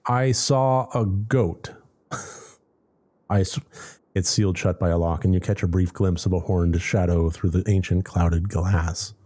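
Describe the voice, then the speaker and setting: Male let's play host, low mellow voice, reads game text, sarcastic asides. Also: little pitch movement, measured pace. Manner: wry, sarcastic asides between narration. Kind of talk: casual gameplay commentary, reading game text aloud.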